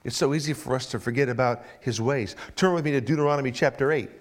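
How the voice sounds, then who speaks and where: A man preaching a sermon to his congregation. He repeats key phrases, asks the listeners questions, and swings between low, quiet stretches and loud, emphatic ones. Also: quick pace. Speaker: pastor.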